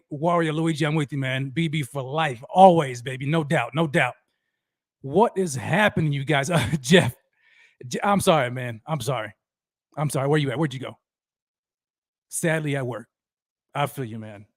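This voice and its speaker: An energetic man hosts a sports fan livestream, shouting out viewers with pumped-up enthusiasm. His voice sits high for a man. The sound is dry and close, with no room around it. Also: no room sound. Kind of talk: livestream roll call chat.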